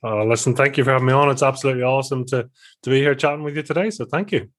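A man's voice: mid-range voice, racing. A man in his forties with a Northern Irish accent, chatting and rambling as a podcast guest. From Northern Ireland. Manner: chatty, rambling, restarts often. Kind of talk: casual interview chat.

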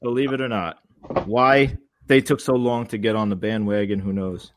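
A man's voice: fairly low pitch, fairly even intonation, normal speed, no room sound, studio quality. A man co-hosting a podcast, reading trivia questions in casual chat and mumbling at the ends of sentences.

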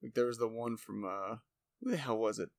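A man's voice: mid-range voice, a little fast, no echo, clean studio sound. A man co-hosting a podcast, chatting bluntly and casually about a show. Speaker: podcast co-host. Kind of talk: casual chat.

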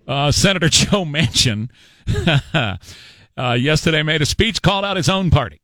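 A man's voice: a little high, expressive, normal speed, pushed and bright, dry recording. Sarcastic talk radio man, dry studio. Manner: combative and sarcastic, mocking voices of others. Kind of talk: opinionated talk radio commentary.

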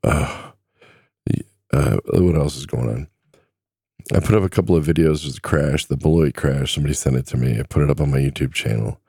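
Middle-aged trucker guy rambling on his podcast, super low gravelly voice, kinda husky. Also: brisk, warm tone, no room sound, clean studio sound. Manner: rambling, easygoing, self-deprecating. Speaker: podcast host and truck driver. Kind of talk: casual solo podcast chat.

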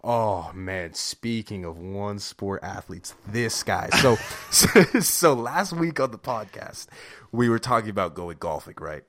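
Young male podcast co-host with a lowish voice, cocky and teasing in chat. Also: animated, a little slow, fairly bright tone. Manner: boastful, needling. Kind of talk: casual banter.

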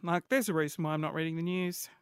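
High-voiced aussie guy rambling on his own podcast, excitable, dry close mic. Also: quick pace, clean tone, no room sound. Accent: Australian. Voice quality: high-pitched voice. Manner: excitable, rambling, self-mocking. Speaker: podcast host. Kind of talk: casual solo podcast chat.

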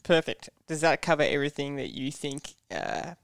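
A man's voice: a little high, huge pitch swings, normal speed, gravelly, a bit bright, no room sound, clean studio sound. A man hosting a podcast, asking follow-up questions and giving an upbeat outro. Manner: upbeat, wraps up with promotional outro. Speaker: podcast host.

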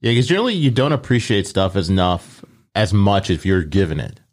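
Very deep-voiced man with lively pitch. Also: a little fast. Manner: brief reactive replies and dry jokes. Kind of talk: casual chat.

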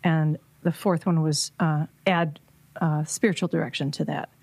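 A woman guest in a casual chat, telling a personal story in an animated way with frequent laughs. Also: low voice, normal speed, no echo. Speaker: podcast guest.

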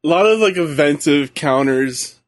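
A man co-hosting a casual watch-along chat, laid-back and quick to laugh. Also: on the high side, expressive, no room sound. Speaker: co-host.

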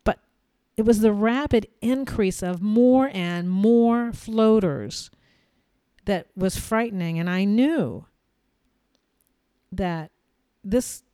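A woman hosting a podcast, telling a personal story in a measured way, pausing often and repeating phrases for emphasis. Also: medium pitch, animated, warm tone, clean tone, no echo. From United States. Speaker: podcast host.

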